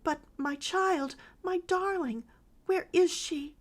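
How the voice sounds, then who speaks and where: A woman voicing a grief-stricken lady who cries out wildly for her stolen daughter in an audiobook. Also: slow pace. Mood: sobbing. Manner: wild, sobbing, high-pitched cries.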